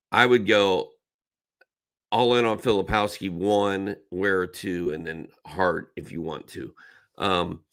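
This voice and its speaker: Reading out questions from his viewers, a middle-aged man hosting a laid-back fantasy basketball live Q&A hands out blunt, emphatic advice. He has a low, gravelly voice that's a bit bright.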